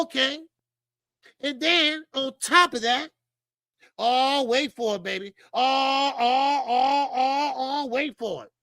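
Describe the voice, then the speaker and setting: Woman, boxing channel host, high voice, dry close sound, blunt, profane, rhetorical opinion monologue. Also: sharp tone, dry recording, rough recording. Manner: blunt, profane, rhetorical, talks to viewers as y'all.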